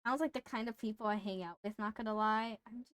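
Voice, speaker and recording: A woman streamer telling a story in casual live-stream chat, animated and swearing freely. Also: mid-range voice, quick pace, dry recording.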